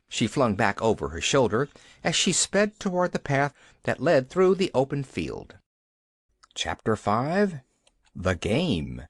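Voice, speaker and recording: An audiobook narrator reading a storybook aloud in an expressive, animated way. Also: mid-range voice, a little slow, no echo, clean studio sound.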